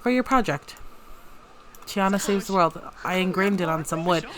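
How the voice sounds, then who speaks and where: A woman voicing an easygoing blue-collar young man with a crush, relaxed and teasing, in her own lowish voice. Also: moderate pace, a crowd in the background, close to an everyday voice.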